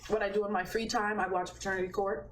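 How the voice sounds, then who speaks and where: Animated young woman telling a story, echoey. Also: mid-range voice, fast talker. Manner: animated, chatty, swears casually. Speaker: singer on a livestream. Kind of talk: casual storytelling on a livestream. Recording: echoey, distant playback with faint noise.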